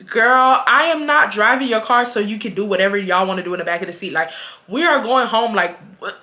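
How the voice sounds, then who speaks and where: A woman in her twenties from Houston telling a storytime vlog in casual chat, animated and acting out what people said. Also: medium pitch, normal speed. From Houston, Texas. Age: 20s. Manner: animated, quotes people, switches between laughing and getting fired up. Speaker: vlogger.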